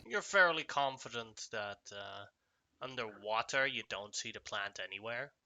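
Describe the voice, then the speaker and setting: Bright-toned man running a tabletop game. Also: fairly low pitch, moderate pace, dry recording. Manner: descriptive with frequent fillers. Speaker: game master.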